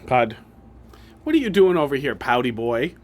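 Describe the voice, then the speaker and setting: A man's voice: medium pitch, very animated, normal speed. A man streamer chatting casually, teasing his pets and laughing often. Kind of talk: casual chat.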